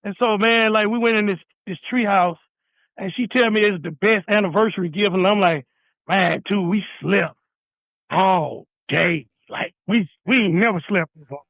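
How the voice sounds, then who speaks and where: A man's voice: high voice, moderate pace, vocal fry, no room sound. A laid-back man, a guest chef talking casually over the phone while driving in his car, often saying "man". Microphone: phone call. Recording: dry tinny phone line.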